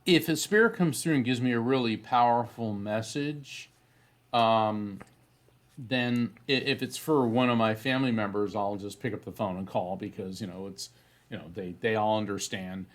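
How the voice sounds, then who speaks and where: A man's voice: fairly low pitch, moderate pace. A middle-aged man, a psychic medium guest, telling anecdotes in conversation, rambling with many fillers and restarts.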